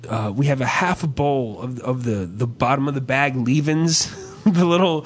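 Young adult male podcast co-host; swears constantly, rants and tells animated stories in an average-pitched voice. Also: moderate pace. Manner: profane, ranting, animated storytelling. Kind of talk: casual comedic chat.

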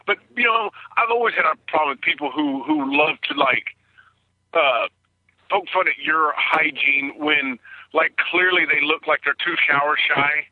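A man's voice: fairly high pitch, moderate pace, dry recording, phone-quality sound. A man calling in to a radio show from his truck, chatty and polite, with a lot of hesitation. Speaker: caller. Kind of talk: phone call-in chat. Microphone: phone.

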